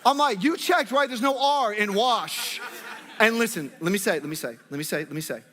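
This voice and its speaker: A man's voice: high-pitched, lively intonation, moderate pace, bright, forceful tone. A man preaching a sermon, playful and joking with his congregation. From Northwest Arkansas, United States. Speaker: pastor. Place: church hall with congregation. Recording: long hall reverb.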